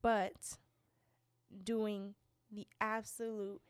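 A woman's voice: mid-range voice, level tone, extremely slow, smooth, no echo. Chatty woman, close and dry. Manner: chatty, laughs easily. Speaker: podcast co-host. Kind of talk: casual chat.

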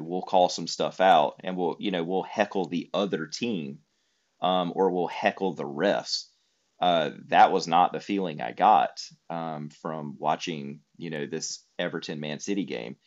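A man's voice: low voice, fairly even intonation, a little slow, dull audio. A man telling a trip story in casual conversation, rambling with many fillers. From United States.

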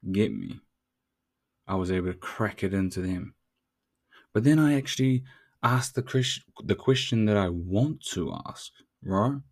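Slangy, low-voiced New Zealand man hosting. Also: lively intonation, a little slow. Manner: slangy, swearing, talks straight to the listener. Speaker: podcast host. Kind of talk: casual podcast monologue.

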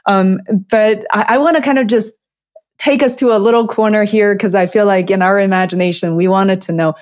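A woman who learned English as a second language hosting an interview, speaking haltingly with restarts. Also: medium pitch, steady tone, a little mellow. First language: not English. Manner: halting, many fillers and restarts. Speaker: interview host, documentary filmmaker. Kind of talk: interview host chat.

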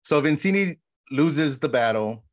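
A man co-hosting a podcast, casually retelling film scenes with lively quoted lines and frequent "bro". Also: on the high side, measured pace, no echo, clean studio sound. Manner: animated storyteller, says "bro" often. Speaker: podcast co-host.

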